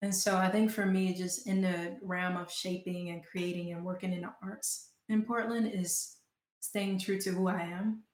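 A woman's voice: on the low side, level tone, moderate pace, echoey room. A young adult woman from Georgia with a Southern accent, talking casually as a guest in an interview and using many "like" fillers. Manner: chatty, frequent "like" fillers. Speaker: guest, performing artist and author.

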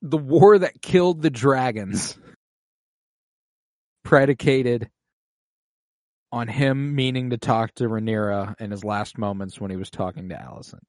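A man's voice: mid-range voice, unhurried, pauses often, a little mellow, no room sound. Male podcast co-host, casual and emotional episode recap, dry close sound. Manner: emotional, swears casually, says "like" often.

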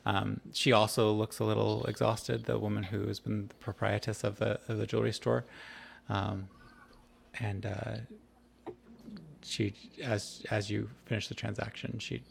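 A man's voice: lowish voice, gravelly, a little hiss or hum. A man acting as game master, narrating a tabletop game over an online call and asking players questions with frequent restarts. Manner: hesitant, many restarts and questions.

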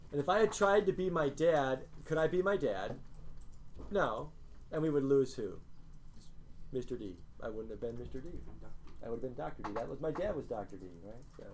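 A man teaching a class, talking to his students in an earnest, animated way. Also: fairly high pitch, background noise. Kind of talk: classroom lecture.

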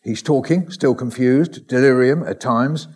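A man at an ordinary mid pitch reads a string of short letters aloud at a steady, measured pace. Now and then he breaks off with a dry aside or a quiet laugh. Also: husky. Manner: measured reading with wry asides and soft laughs. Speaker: recovered patient reading his ICU diary.

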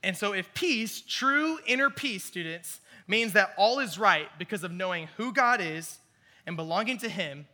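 A young man teaching a youth group, telling a lively personal story within a sermon, animated and self-mocking. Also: sits high, normal speed.

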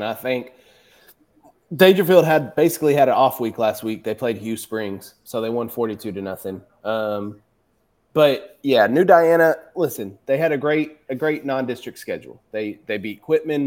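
Man, mid-pitched, confident picks, light teasing. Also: animated, moderate pace, a little mellow. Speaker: podcast co-host. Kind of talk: casual sports chat.

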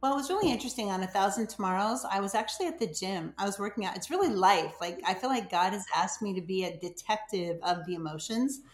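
A woman's voice: medium pitch, expressive, fast, hardly any pauses. A middle-aged woman tells a story on a podcast with earnest feeling, acting out bits of the conversations she recalls. She is a novelist guest, and her voice rings a little in a roomy space.

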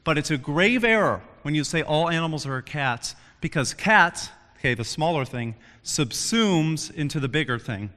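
A man's voice: fairly high pitch, moderate pace, few pauses, long reverb tail. A young man preaching a casual sermon to students, telling stories and acting out quotes. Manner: animated storytelling, acts out quotes. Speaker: youth preacher.

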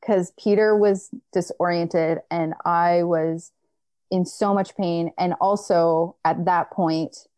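Young woman telling a story, lowish voice, lots of "like"s, dry close sound. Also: slow pace, dry recording. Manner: animated retelling, acting out quoted people, many filler likes. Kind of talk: casual personal storytelling.

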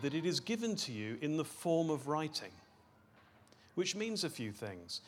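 A man reading scripture aloud, then teaching a seminar on it, slowing down and stressing single words. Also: on the high side.

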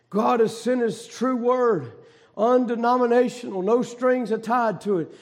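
A man preaching a fiery sermon, shouting emphatically and hammering home repeated rhetorical questions. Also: extremely high pitch, a little slow.

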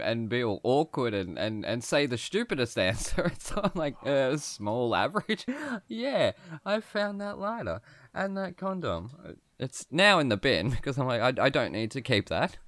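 A man, telling a story in casual chat, animated and self-mocking, laughing often. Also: medium pitch, unhurried, no room sound. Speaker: podcast guest.

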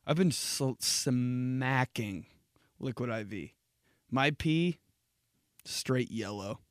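A man's voice: mid-range voice, animated, very slow, clean tone, no room sound, studio quality. A man hosting a podcast and telling crude, rambling comic stories in a casual monologue. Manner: crude, rambling, jokey storytelling. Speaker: podcast host.

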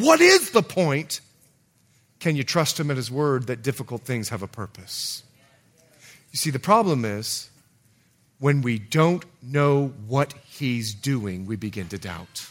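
A man preaching a sermon as pastor, swinging from loud calls to hushed low lines. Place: church.

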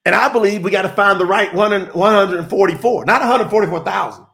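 Man, preacher, high voice, fervent, repetitive phrasing, livestream sermon. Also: fairly quick, gravelly, a bit bright.

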